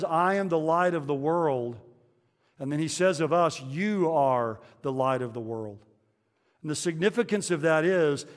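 A man preaching a conversational sermon to his congregation, pausing with fillers and restarting phrases. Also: on the high side, in a large hall. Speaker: pastor.

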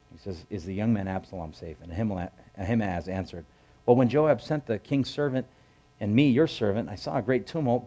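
A man with a lowish voice preaches a sermon in a relaxed, conversational way. He tells the story like a chat with the congregation. He jumps up in pitch to act out the characters' lines. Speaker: pastor.

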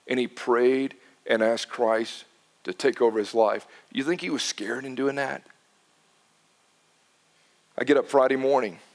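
Man preaching in lively storytelling style. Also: medium pitch. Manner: animated, repeats words, drops soft for emphasis. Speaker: pastor. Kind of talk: sermon storytelling.

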